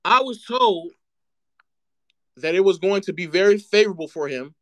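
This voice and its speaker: A man's voice: high voice, expressive, moderate pace, no echo, muffled recording. A man streaming live, ranting about basketball in a sarcastic, mocking way and repeating phrases for effect.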